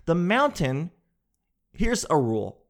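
Guy riffing jokes, rambling and self-mocking, kinda higher voice. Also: huge pitch swings, slow. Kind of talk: casual comedic monologue.

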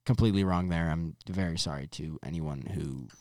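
A man's voice: very deep voice, fairly quick, a little mellow. A young man co-hosting a casual religious discussion, chatty and loose with many fillers.

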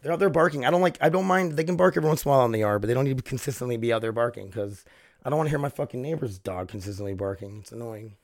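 A man's voice: mid-range voice, racing, dry recording, clean studio sound. A man hosting a casual solo podcast from home, rambling, swearing freely and laughing often. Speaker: podcast host.

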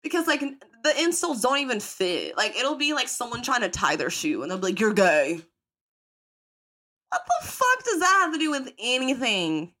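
A young woman hosts her own podcast and talks straight to the listener, candid and full of swearing. Her bright, forward voice jumps all over the place in pitch as she tells a story and slips into the voices of people she quotes. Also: sing-song, fairly quick, hardly any pauses. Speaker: podcast host. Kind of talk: casual storytelling monologue.

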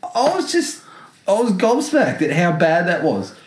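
Male podcast co-host, sarcastic film ranter, slightly higher voice, echoey room. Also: wildly swooping pitch, measured pace. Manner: sarcastic, laughs while ranting. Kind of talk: casual film review chat.

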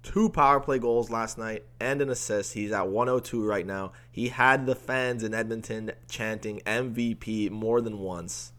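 A man with a fairly low voice talks sports in a relaxed, conversational way. He rolls through game recaps and takes easy, dry shots at his co-host. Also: moderate pace, hardly any pauses. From Canada. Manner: easygoing, dry ribbing. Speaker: podcast co-host. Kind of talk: casual sports chat.

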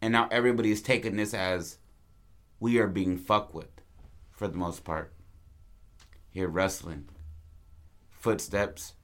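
A man with a deep, low voice talks through film ideas in a loose, casual chat. He gets animated as he plans scenes, and he acts out the characters' lines in quick bursts. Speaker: co-writer planning a film.

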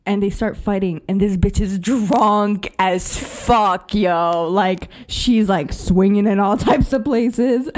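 A woman's voice: medium pitch, slow, few pauses, darkish tone. A woman co-hosting a podcast, retelling a film in casual slangy chat, swearing and laughing as she goes. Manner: slangy, profane, laughing storyteller. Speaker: podcast co-host.

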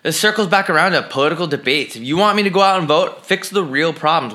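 A young man co-hosting a podcast, trading crude deadpan jokes in casual comedic chat. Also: fast. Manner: deadpan, crude joking with lively swings in pitch. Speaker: podcast co-host.

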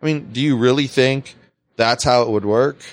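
A man's voice: normal speed, no echo. A man hosting a podcast, telling a work story in casual chat, swearing freely. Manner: animated, swings pitch widely, swears freely. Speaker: podcast host.

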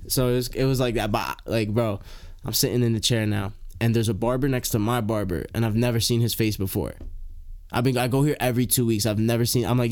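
Speaking at medium pitch and a fairly quick clip, a young man spins a long, casual story. He's animated and slangy, swears freely, and keeps dropping in "like" and "bro."

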